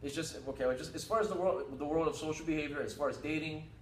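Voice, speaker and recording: A man hosting a casual talk show, asking questions in a joking, animated way. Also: fairly high pitch, fast talker. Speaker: host. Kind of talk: casual interview chat. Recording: roomy, distant mic, faint noise.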